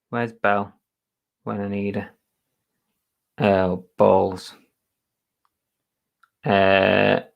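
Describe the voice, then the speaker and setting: A man's voice: mid-range voice, fairly bright tone. A man hosting a casual live stream chat, greeting viewers by name in a chatty, self-mocking way with mild muttered curses.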